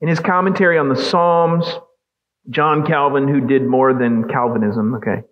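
A man's voice: medium pitch, fairly even intonation, moderate pace, lo-fi sound. A man preaching a sermon as pastor, emphatic and asking the congregation questions.

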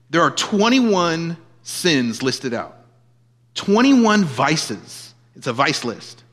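A man preaching a sermon in an emphatic way, swinging from loud declarations down to quiet asides. His voice sits a little high for a man. The long reverb of a large hall trails each phrase. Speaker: pastor.

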